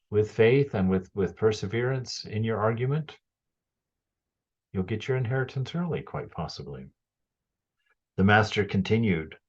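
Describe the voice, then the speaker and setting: A man teaching and commenting on a spiritual text to a small group, conversational and animated, acting out quotes and laughing often. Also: on the low side, breathy edge. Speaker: teacher reading and commenting on scripture. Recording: lo-fi dull recording.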